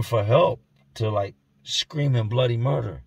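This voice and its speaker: A man telling a grim first-person story in a somber, intense way, often dropping to a hush, recorded indoors at home. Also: mid-range voice, moderate pace, creaky, slightly rough, no echo. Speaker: storyteller and channel host.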